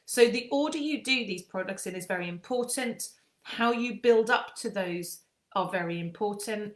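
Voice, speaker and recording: Woman aesthetician, chatty explainer, middle pitch, echoey room. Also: moderate pace. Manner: chatty, with frequent ums and restarts. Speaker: skincare aesthetician. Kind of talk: casual skincare explainer.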